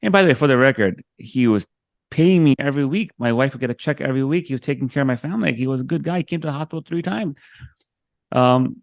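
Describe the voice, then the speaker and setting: A man with a mid-range, gravelly voice talks fast as a guest in a video-call interview, recorded with no echo. He tells a personal story with emotion, acting out what other people said and frequently restarting.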